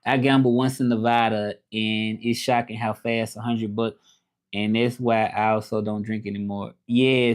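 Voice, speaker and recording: A man hosting a casual livestream, rambling with restarts and reading chat comments aloud. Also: mid-range voice. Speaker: livestream host. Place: home, livestreaming from Mexico.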